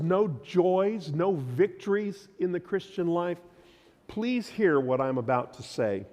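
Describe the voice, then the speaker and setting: A man's voice: sits high, lively intonation, unhurried, dull audio. Emphatic male pastor in a reverberant hall. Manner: emphatic preaching, sudden swings from loud to quiet. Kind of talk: sermon. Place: church sanctuary.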